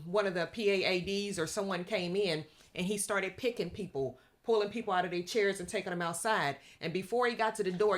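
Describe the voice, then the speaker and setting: A woman's voice: lowish voice, a bit bright. A woman, a guest background actor, telling her story in an easygoing way. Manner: easygoing, laughs as she tells. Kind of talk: casual storytelling.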